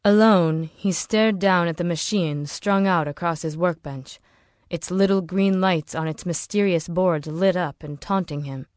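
A woman with a fairly low pitch narrates a novel in a measured, steady manner. She's an audiobook narrator working from a script, recorded dry in studio quality.

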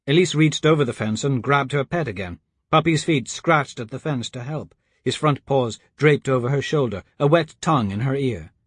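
A man reading a children's adventure story aloud in an even, steady storytelling manner. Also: mid-range voice, slightly rough, no room sound, clean studio sound. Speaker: narrator. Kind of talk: audiobook narration.

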